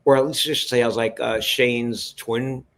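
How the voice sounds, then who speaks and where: A man telling behind-the-scenes stories as a guest on an interview show. He speaks in an animated, restarting way, often turns to address the listeners, and sits at a middle pitch for a man. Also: normal speed. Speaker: guest, television producer. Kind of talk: storytelling in a podcast interview.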